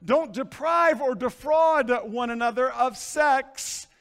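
A man preaching a sermon as pastor, swinging between hushed lines and shouts. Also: very high-pitched, takes it slowly, smooth. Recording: long reverb of a large hall.

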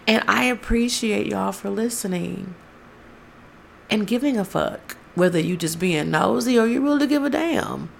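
A woman's voice: on the high side, gravelly, a little hiss or hum. A woman hosting a podcast in a casual monologue, profane, effusive and often laughing. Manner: loud, profane, laughs often, gushing to listeners. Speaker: podcast host.

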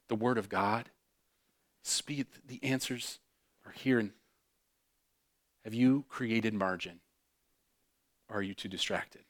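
This pastor's voice is fairly low, and he takes his time, pausing often. His sermon swings from fervent, loud passages to soft, intimate ones, with phrases repeated for emphasis.

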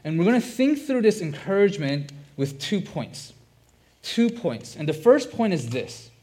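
An earnest man preaches a sermon to his congregation, his voice sitting a little high for a man. He stresses key phrases by repeating them. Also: big pitch swings, unhurried, dark tone. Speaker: pastor.

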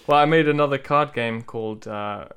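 Gravelly, smooth-voiced playful man. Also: medium pitch, fairly bright tone. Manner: playful, nerdy, halting. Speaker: podcast co-host. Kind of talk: casual chat.

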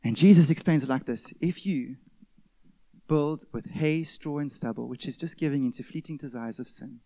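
A man preaching a sermon, stressing key words loudly and then dropping to a hush. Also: mid-range voice, normal speed. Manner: emphatic preaching, swings between loud stresses and hushed drops. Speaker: pastor.

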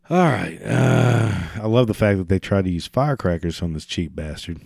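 A man's voice: on the low side, moderate pace, vocal fry, hardly any pauses, darkish tone, dry recording, studio quality. A man hosting a solo podcast, reading and riffing with sarcastic, profane, rambling asides. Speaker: podcast host.

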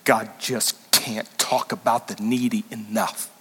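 Animated preaching pastor in a reverberant hall. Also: male voice, on the low side, measured pace, husky. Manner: animated, emphatic preaching with sudden loud rises. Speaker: senior pastor. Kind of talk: sermon.

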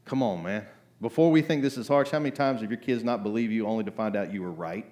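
A man preaching a sermon in a conversational way, acting out voices and asking "right?" often, climbing to loud emphatic bursts. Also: on the low side, fast talker. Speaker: pastor.

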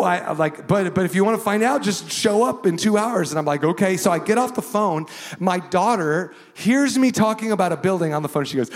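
A male pastor tells a story from the pulpit, lively and animated, slipping into the voices of the people he quotes. His voice sits a little high for a man. The sound carries a long reverb, as in a large church auditorium. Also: fairly quick. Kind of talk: sermon storytelling.

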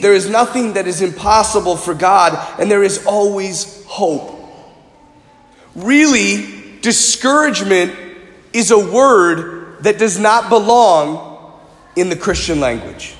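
High-voiced man preaching in echoey hall. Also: takes it slowly, long pauses. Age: 40s. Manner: animated, conversational storytelling. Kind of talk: sermon.

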